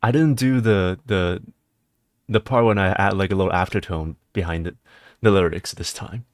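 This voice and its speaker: Deep-voiced male streamer, casual and rambling. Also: normal speed, no echo, clean studio sound. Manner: excitable, rambling, breaks into laughter and high-pitched disbelief. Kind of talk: casual live-stream chat.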